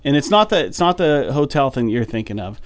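A man co-hosting a podcast, telling a story in a casual, animated way and sounding fed up. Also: medium pitch, fast, dry recording. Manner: animated, exasperated storytelling with many fillers. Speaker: podcast co-host.

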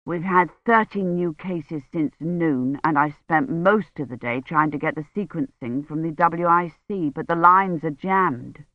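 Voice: medium pitch, a little slow, few pauses, dry recording, highs cut off, natural voice. A reader voicing a tired, grey-haired woman doctor who speaks in clipped, worried phrases. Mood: weary.

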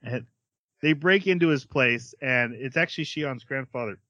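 A man with a bright, forceful voice chats casually on a podcast, retelling an anime episode scene by scene. He acts out the characters' lines as he goes and laughs often. The sound is close and dry. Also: mid-range voice, moderate pace, no echo, lo-fi sound. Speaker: podcast co-host reviewing anime. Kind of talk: casual chat, recapping an episode.

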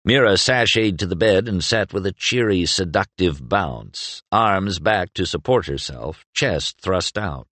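A man narrating a fantasy audiobook in a measured, expressive manner. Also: low-pitched, no room sound. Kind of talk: scripted narration.

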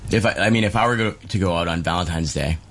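A man with a very deep voice talks loosely about running a restaurant. He rambles a little and leans on fillers, keeping the tone relaxed and conversational. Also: quick pace. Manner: rambling, easygoing, many fillers. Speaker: chef and restaurateur guest. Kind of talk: casual radio chat.

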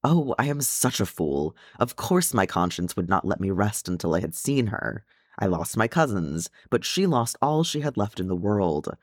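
A rash young dwarf, hot-tempered and agitated, his pitch jumping up and down, as a man reading the story puts him on. Close, dry recording. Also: very animated, normal speed, dry recording. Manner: agitated, loud.

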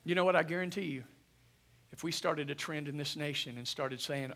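A middle-aged man preaching a sermon as pastor, animated and calling out to the congregation for responses. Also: a little high, fairly quick.

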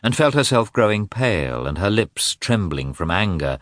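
A man narrating a classic novel as an audiobook in an expressive, measured way. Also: lowish voice, no echo, studio quality.

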